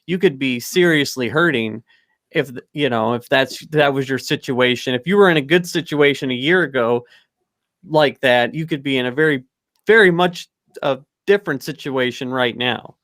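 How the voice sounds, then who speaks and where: A man's voice: mid-range voice, moderate pace, fairly bright tone, dry recording, studio quality. A man hosting a political talk stream, conversational and thinking aloud.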